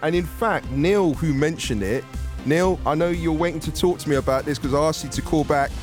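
A man's voice: on the high side, brisk, faint music behind. A man hosting a radio phone-in, chatting casually and a little hesitantly with the caller. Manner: friendly, hesitant with fillers.

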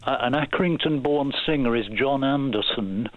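A man's voice: mid-range voice, normal speed, no echo. A man with a Burnley accent calling in to a radio show, talking hesitantly with many fillers and restarts. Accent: Burnley, Lancashire. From Burnley, northern England. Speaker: caller. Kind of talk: phone-in radio chat. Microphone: telephone. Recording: tinny phone line.

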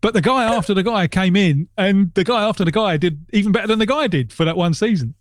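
Fast-talking high-voiced male sports host. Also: no room sound, studio quality. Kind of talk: radio sports talk.

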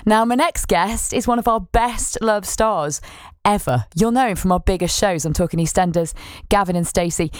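A woman's voice: medium pitch, normal speed, no room sound. A woman with an East Midlands accent hosting a radio show from a studio, chatty and playful. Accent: East Midlands English. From East Midlands of England. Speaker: radio presenter.

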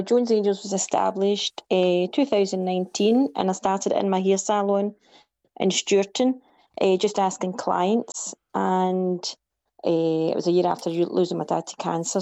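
A woman on a phone line, her low voice gravelly and mellow. She talks in a flat, earnest way, setting things out step by step. The line sounds dull and dry. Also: no echo. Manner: earnest, explains in plain steps. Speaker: choir founder and hairdresser. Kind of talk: phone interview.

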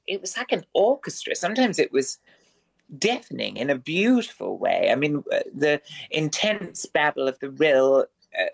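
An expressive man guesting on a radio show, spinning ornate, theatrical sentences. His pitch rises and falls widely as he relishes each fancy word. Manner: florid, theatrical wordplay; lively, expressive delivery. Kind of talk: radio interview.

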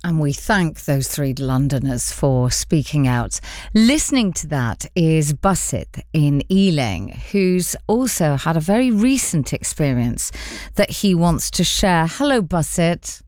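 A woman hosts a live radio talk show, bringing in callers and asking them careful, gentle questions. Her pitch rises and falls a great deal as she speaks. The studio sound is close and dry. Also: very animated, a little slow, no echo. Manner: prompting, gently probing questions. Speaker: radio presenter.

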